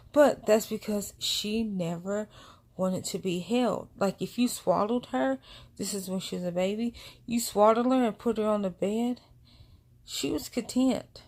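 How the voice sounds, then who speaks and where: A woman's voice: mid-range voice, measured pace, darkish tone. A woman vlogger, telling a family story in a casual, rambling way with many asides. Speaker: vlogger and mother.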